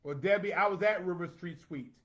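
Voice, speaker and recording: Man hosting a casual livestream, playful and chatty, slightly high voice, reads comments aloud. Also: fairly quick. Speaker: host reading viewer comments.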